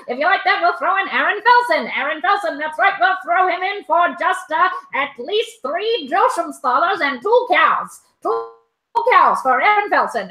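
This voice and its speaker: A woman putting on the voice of a brash old-time auctioneer who hams up her rapid sales patter. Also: sits high, bright, forceful tone, roomy sound, low-quality recording. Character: brash fast-talking 1920s auctioneer, hamming it up.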